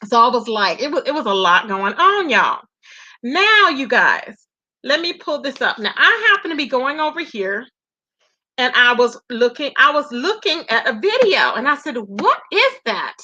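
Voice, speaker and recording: A high, bright woman's voice comes through dull, lo-fi stream audio. She gossips in a loose, chatty way and keeps greeting viewers. She calls the audience "baby" and "y'all". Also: very animated, moderate pace. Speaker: livestream commentary host. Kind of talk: casual livestream gossip commentary.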